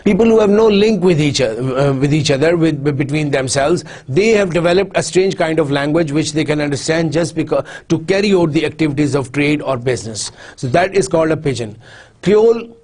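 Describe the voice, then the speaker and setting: A man giving a university lecture, explaining slowly with frequent repeats and restarts. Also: on the high side, lively intonation, a little mellow. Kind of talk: recorded lecture.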